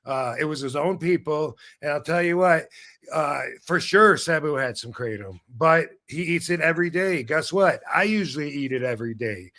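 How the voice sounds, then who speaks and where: A middle-aged man hosting a live stream from a video call, his voice pitched a little higher than most men's. He rambles in animated bursts, restarting and cursing casually, like a loose, unscripted chat between friends. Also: normal speed. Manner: rambling, animated, swears freely. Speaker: show host. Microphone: video call setup.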